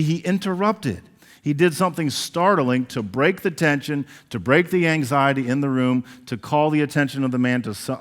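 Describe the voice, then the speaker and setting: Animated pastor preaching in an echoing church. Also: male voice, medium pitch. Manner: animated, acts out quoted voices. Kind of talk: sermon. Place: church sanctuary. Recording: long reverb of a large church hall.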